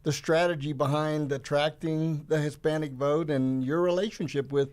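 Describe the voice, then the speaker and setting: A man's voice: a little high, steady tone, moderate pace, a little mellow, clean tone. A man co-hosting in a radio studio, asking a question hesitantly with many fillers. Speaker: guest co-host. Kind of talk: radio panel discussion.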